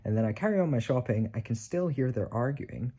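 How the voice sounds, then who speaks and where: Rambling young man, husky voice. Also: medium pitch, animated, a little fast, warm tone. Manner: rambling, filler-heavy, acts out quoted voices. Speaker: vlogger. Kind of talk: casual storytelling vlog.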